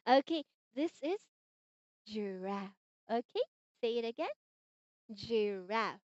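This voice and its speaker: Woman, online english teacher, high pitch, sing-song, slow and encouraging, dull lo-fi computer mic. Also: lively intonation, warm tone, no echo. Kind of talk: demo lesson for a young learner. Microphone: computer mic on a video-call platform. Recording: dull, dry lo-fi call audio.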